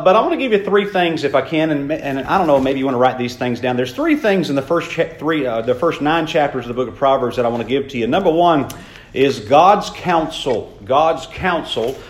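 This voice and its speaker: Folksy preacher in an echoey room. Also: male voice, mid-range voice. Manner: folksy, conversational, repeats key phrases slowly. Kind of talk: sermon.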